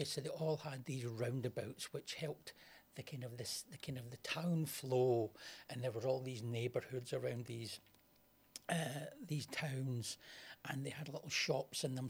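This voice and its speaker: A man's voice: mid-range voice, steady tone, moderate pace, slightly rough. A Scottish man co-hosting a casual music chat show, explaining at length with asides. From Scotland. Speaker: co-host introducing songs. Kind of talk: casual radio-style chat.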